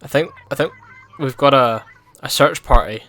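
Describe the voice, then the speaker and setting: A man's voice: medium pitch, normal speed, fairly bright tone, soft background music. A male podcast co-host chatting casually and making crude, teasing jokes while gaming.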